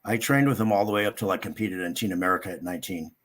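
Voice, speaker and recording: An older man races through a rambling story as a guest in a casual interview, his tone fairly bright. When he acts out what other people said, his pitch jumps suddenly higher.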